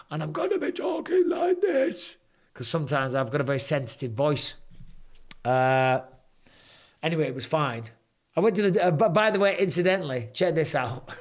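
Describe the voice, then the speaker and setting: English male host, 40s, hoarse, animated and slangy, average pitch. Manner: chatty, animated storytelling with British slang. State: hoarse from throat trouble. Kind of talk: casual live-stream chat.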